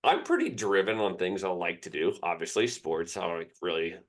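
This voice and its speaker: On a casual sports podcast, this young co-host shares a personal anecdote, candid and meandering. His voice is low and his pace brisk.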